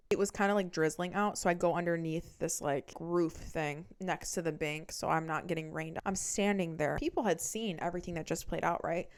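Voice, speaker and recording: A woman in her twenties telling a dramatic storytime, cursing freely and acting out scenes with lively energy. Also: fairly low pitch. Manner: dramatic, profane, animated storytelling. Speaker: vlogger. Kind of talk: storytime vlog.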